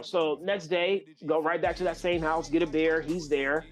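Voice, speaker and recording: A man from California, a guest musician, telling a long story in a loose, animated way with many fillers and restarts. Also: fairly high pitch, normal speed, soft background music. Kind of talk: casual storytelling.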